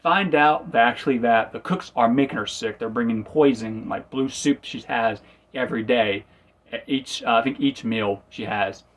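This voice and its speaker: A man's voice: medium pitch, normal speed. Rambling man recapping an episode. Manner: rambling, self-correcting, acts out quotes. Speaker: reviewer. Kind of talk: casual spoken review.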